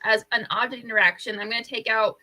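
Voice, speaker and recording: A woman's voice: on the high side, fairly even intonation, quick pace, sharp tone, rough recording. A woman playing a tabletop game, upbeat but a little hesitant as she explains her moves. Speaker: player.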